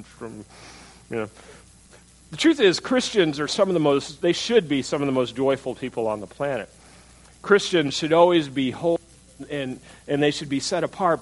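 A man's voice: medium pitch, rough recording. Conversational male pastor preaching. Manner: conversational preaching, asks the congregation questions; acts out quoted attitudes in mocking voices. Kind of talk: sermon.

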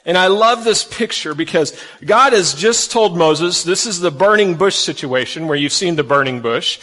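A man preaching a sermon to kids and families, folksy and animated, acting out the quotes he reads. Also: high voice, normal speed, big-room sound. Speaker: pastor.

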